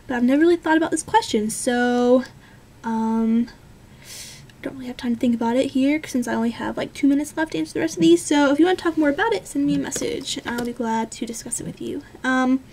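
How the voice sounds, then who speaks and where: A woman of twenty answering viewer questions in a casual, rambling chat, full of ums and self-corrections, easygoing and self-deprecating. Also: high-pitched. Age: 20s.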